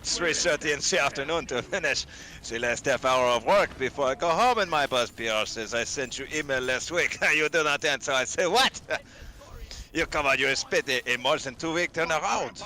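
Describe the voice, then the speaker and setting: A man putting on a cartoonish French accent to play a grumpy French office worker who grumbles in a flat, low voice. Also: normal speed. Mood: grumbling. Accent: put-on French.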